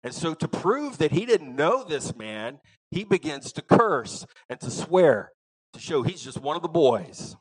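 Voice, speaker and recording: A man with a Southern American accent preaching a sermon as pastor, folksy and emphatic, swinging between loud bursts and quiet asides. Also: fairly high pitch, very animated, unhurried, breathy edge, low-quality recording.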